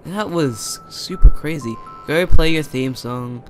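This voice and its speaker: A young man doing let's play commentary on a horror game, excitable, chatting to the characters and yelling when startled. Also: a little high, slow, music in the background. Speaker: gamer.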